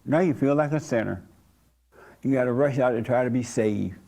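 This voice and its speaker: A man's voice: mid-range voice, normal speed, creaky, dark tone. A man leading an informal church service, talking to his congregation in a blunt, folksy, conversational way and coaxing answers from them. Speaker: pastor.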